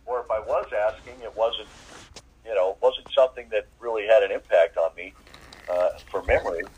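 A man giving a personal faith testimony as an interviewee, talking in a halting way with many fillers and restarts. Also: fairly low pitch, a little mellow, husky, rough recording.

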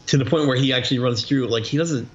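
A man's voice: mid-range voice, fairly quick. A man co-hosting a casual movie commentary podcast, talking through scenes in a laid-back way. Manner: laid-back, questioning, storytelling. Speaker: podcast co-host. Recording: dull lo-fi audio.

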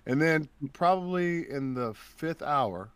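A man's voice: a little high, slow pace, clean tone, no echo. A man, a voice actor and guest, chatting casually and telling stories, acting out the voices of people he quotes. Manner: animated storyteller who acts out quoted voices. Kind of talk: casual interview chat.

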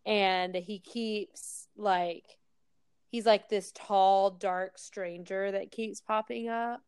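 Young woman gushing bout a show she loves, smooth clear voice, dry sound. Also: medium pitch, steady tone, drawn-out words, no room sound. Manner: gushing, emphatic, hesitant with ums. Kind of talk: casual chat.

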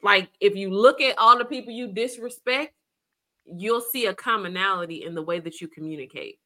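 Earnest woman co-host, bright voice. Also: medium pitch, moderate pace. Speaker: podcast co-host. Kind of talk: casual chat.

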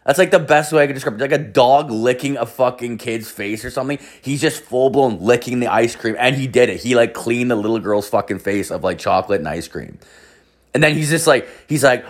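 A man's voice: mid-range voice, a little fast, a bit bright. Man, thirties, casual storytelling, rambling, heavy profanity, lots of filler words. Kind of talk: casual anecdote.

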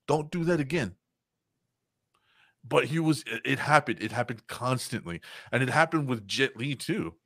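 A man's voice: mid-range voice, animated, moderate pace, gravelly, few pauses, bright, forceful tone, dry recording, clean studio sound. A man telling stories in a casual comedy chat, swearing often and laughing a lot.

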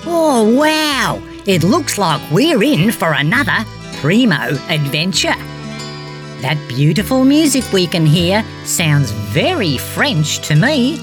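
A woman voicing a cheerful, fact-loving male green tree frog, gently guiding a children's storybook adventure and fond of silly jokes. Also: medium pitch, sing-song, slow pace, over music.

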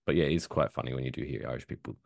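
A man's voice: extremely low pitch, very fast, vocal fry, no room sound, studio quality. A man hosting a comedy podcast, chatting casually in a jokey way with frequent restarts. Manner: animated, jokey, stumbling restarts. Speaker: podcast host.

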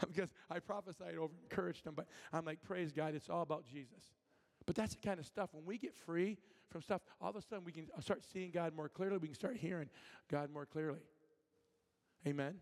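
Animated man preaching in a reverberant church. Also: on the high side, fairly quick. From Michigan. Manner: animated, acts out voices in his stories, many restarts. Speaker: guest preacher. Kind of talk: sermon with storytelling and prophetic ministry. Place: church sanctuary. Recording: long hall reverb.

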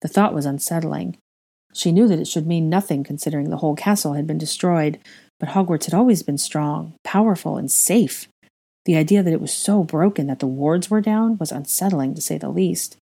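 A fan fiction reader with a low, soft, mellow voice and a creaky, breathy edge narrates a heavy story, reading plain passages evenly. She is emotional, sharply jumping in pitch and volume when characters shout, then returning to a warm, unhurried tone.

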